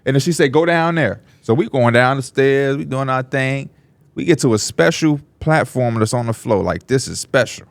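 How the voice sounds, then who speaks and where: He sounds creaky and talks at a normal speed on a dry recording. This podcast co-host tells stories in easygoing chat, animatedly mimicking the people he quotes by jumping widely in pitch.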